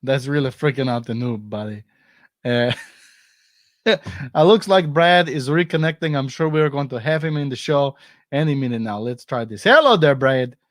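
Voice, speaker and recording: A man's voice: mid-range voice, normal speed, no echo, clean studio sound. Playful joking man hosting a stream. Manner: playful, joking, laughs often. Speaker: host. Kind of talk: casual live-stream comedy chat.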